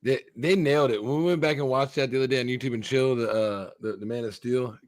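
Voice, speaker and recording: A man in a casual stream chat, giving relaxed opinions. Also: mid-range voice, fast talker, no echo, studio quality.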